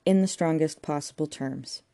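A woman's voice: low-pitched, moderate pace, warm tone. A woman doing a fussy, anxious male restorer. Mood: earnest. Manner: agitated, insistent, prim. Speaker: figure in a comic novel.

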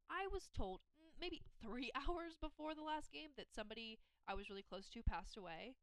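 A young college athlete in her twenties tells her story frankly, rambling and full of fillers. Her voice is smooth and clear, recorded close and dry. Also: mid-range voice, fairly bright tone, dry recording, rough recording. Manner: candid, rambling, heavy use of "like". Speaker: college soccer player. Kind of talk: personal storytelling to camera.

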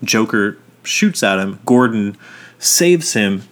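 A man's voice: on the low side, slow pace. A man co-hosting a casual podcast, telling movie stories with energy, swearing freely and acting out quotes. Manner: animated storytelling, swears freely, acts out quotes. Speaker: podcast co-host.

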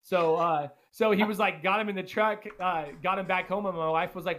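A man's voice: sits high, fairly even intonation, fairly quick, hardly any pauses, fairly bright tone. A man in his thirties hosting a podcast, telling family stories in casual chat, laughing and swearing freely. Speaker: podcast host.

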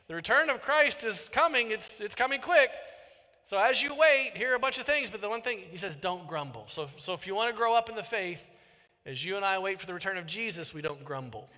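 Bright-voiced, high-pitched man preaching. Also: big-room sound. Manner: animated, joking, acts out voices. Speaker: pastor. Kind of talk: sermon.

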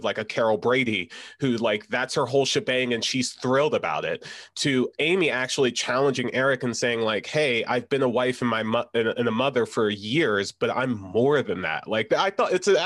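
A man of middle pitch talking things over in a thoughtful, conversational way. His voice is recorded dry and close, with no room sound. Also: fairly bright tone, dry recording. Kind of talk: casual discussion.

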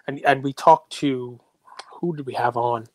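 A man's voice: medium pitch, fairly even intonation, a little slow, dry recording. A man hosting a casual sports and trading-card chat show, talking in a rambling, conversational way full of fillers. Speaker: podcast host.

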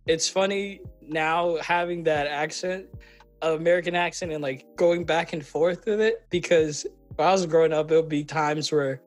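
A young man from Kenya hosts a podcast in casual conversation, slipping into quoted voices as he tells his stories. His voice sits fairly high, and soft music runs faintly underneath. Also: moderate pace. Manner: animated storyteller, acts out quoted voices, frequent fillers. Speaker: podcast host. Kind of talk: casual chat.

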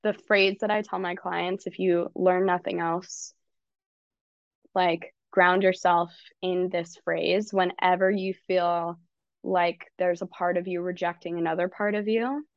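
A woman coach, appearing as a guest, talks casually on a podcast, swearing freely and voicing her own inner dialogue in quoted bits. Her lowish voice is level and unhurried, captured in a dry, lo-fi recording.

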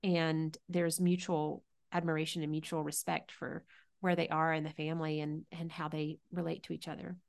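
Middle-aged woman, lower voice, earnest podcast guest, keeps restarting her sentences. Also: flat delivery, normal speed, creaky. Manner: earnest, reflective, with frequent restarts. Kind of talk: conversational interview.

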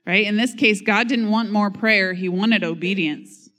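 A woman's voice: mid-range voice, unhurried, a bit bright. A woman pastor delivers a sermon in a mid-range voice. She reads scripture and talks about it in a casual, conversational way, with self-mocking humor. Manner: reads scripture and acts out quotes.

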